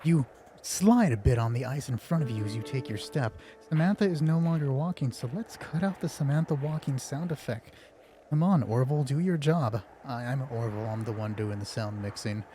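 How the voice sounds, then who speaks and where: A man's voice: medium pitch, expressive, fairly quick, warm tone, faint music behind. A man running a tabletop game on a live stream as game master, joking and mocking himself, a little nervous. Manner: joking, self-mocking and chatty. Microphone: headphones on, streaming from home.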